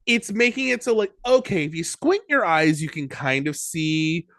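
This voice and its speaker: Male podcast co-host, fairly high pitch, dry close sound, rambles in fillers. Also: lively intonation, normal speed, fairly bright tone, no echo. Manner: thoughtful, rambling with many fillers. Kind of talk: casual chat reviewing a TV episode.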